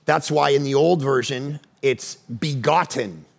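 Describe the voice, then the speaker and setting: A man preaching a sermon as pastor, swinging from loud urgent appeals to quiet teaching. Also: medium pitch, a little slow, vocal fry, breathy edge. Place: church stage.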